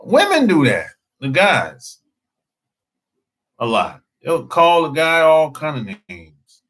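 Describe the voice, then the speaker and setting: A man talking casually as a dating coach, slow and drawling, often breaking into laughter. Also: on the high side, big pitch swings, a bit bright. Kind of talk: casual live-stream talk.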